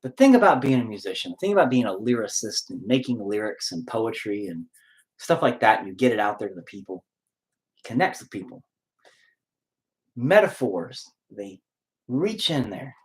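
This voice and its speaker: A man who is a musician and lyricist, talking in a rambling, candid personal monologue and swearing freely. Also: medium pitch.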